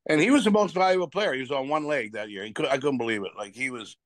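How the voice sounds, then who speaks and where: A seventy-something former hockey player talks fast in a mid-range voice, recorded with no room sound. Swapping stories casually in an interview, he rambles, says things more than once, and acts out quotes.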